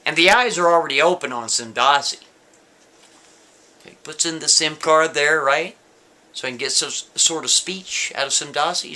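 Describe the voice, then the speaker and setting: A man's voice: a little high, normal speed, sharp tone. A man telling a story casually, talking straight to the listener and checking in with them often. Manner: conversational, asks listener "right?" and "see?".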